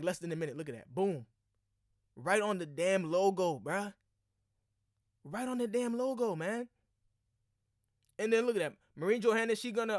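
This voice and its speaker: A man talks through game highlights in a loose, slangy reaction style, calling out to his viewers. His voice sits a little high for a man and bursts into loud excitement at big plays. The sound is dry and close, with no room echo. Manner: excited, slangy, addresses viewers as y'all and bruh. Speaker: basketball commentator. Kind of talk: casual sports reaction commentary.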